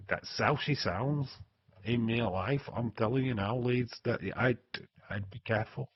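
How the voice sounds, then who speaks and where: Slow, husky Yorkshire man. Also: mid-range voice, dry recording, muffled recording. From Yorkshire, England. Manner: joking, swearing, chatting to viewers. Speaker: wrestling stream host. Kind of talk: casual livestream chat.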